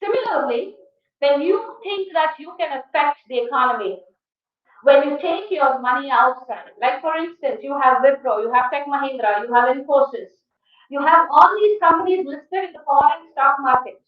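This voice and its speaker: A woman with an Indian English accent giving a guest lecture at a college, firing rhetorical questions at the class in an emphatic, animated way. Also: sits high, normal speed. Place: lecture hall. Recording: echoey hall, distant dull mic.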